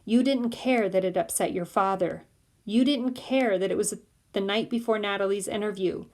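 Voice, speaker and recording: A woman voicing a worried mother who speaks to her son in a quiet, calm, measured way. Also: medium pitch, lightly acted.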